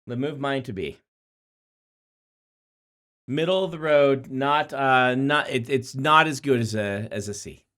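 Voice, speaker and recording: A middle-aged man co-hosting a podcast in casual chat, with playful banter full of quick self-corrections. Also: medium pitch, fairly bright tone. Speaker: podcast co-host.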